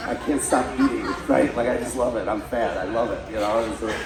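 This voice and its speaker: A man's voice: medium pitch, fairly quick, a crowd in the background. A man doing a stand-up comedy set, telling rambling stories full of "like" and "right?". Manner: storytelling with frequent "like" and "right?". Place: party venue with guests. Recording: roomy echo, mic from a distance, faint room noise.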